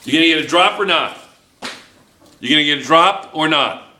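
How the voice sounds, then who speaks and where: A man's voice: a little high, moderate pace, bright, forceful tone. A man teaching chemistry to a class, playful and joking, firing questions at his students. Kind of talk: classroom lecture. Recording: echoey classroom.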